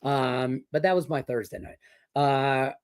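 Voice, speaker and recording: A man's voice: mid-range voice, fairly even intonation, measured pace, clear, resonant tone. A middle-aged man from Detroit hosting a sports betting show, chatting casually and rambling through a profane story full of fillers. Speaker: sports betting podcast host. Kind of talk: casual chat with betting picks.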